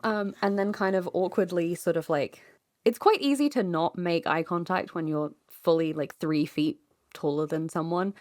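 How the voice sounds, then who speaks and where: A woman's voice: lowish voice, normal speed, a little mellow, dry recording, clean studio sound. A woman playing a tabletop game, chattily narrating what her character does. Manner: laughing, chatty.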